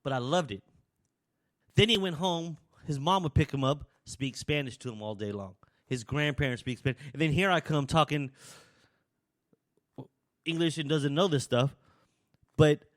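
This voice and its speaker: Rambling man talking casually. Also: a little high. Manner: rambling, conversational, frequent restarts. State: slightly out of breath. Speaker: podcast host. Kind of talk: casual opinion monologue.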